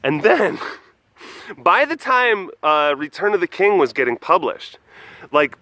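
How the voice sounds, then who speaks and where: A young man with a higher-than-usual voice that swoops up and down as he talks. He rambles cheerfully, stacking fillers and restarts and breaking into little laughs. He sounds like a casual vlogger telling a story on the spot. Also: sing-song, slow, bright, forceful tone, no echo. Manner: chatty, full of likes and restarts, laughing often. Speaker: vlogger at a wild animal facility. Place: wild animal facility.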